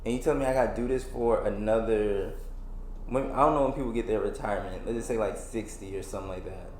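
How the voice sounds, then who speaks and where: A man's voice: fairly low pitch, fast, echoey room, slight background noise. A man in his twenties hosting a solo podcast, venting in a rambling, frustrated way with many restarts and fillers. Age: 20s. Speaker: podcast host. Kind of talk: casual solo podcast rant.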